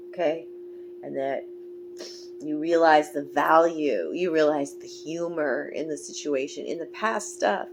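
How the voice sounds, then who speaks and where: A woman's voice: fairly low pitch, vocal fry, noisy background. A woman reading tarot cards for her viewers in a casual, rambling, affectionate way, teary and emotional. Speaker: tarot card reader.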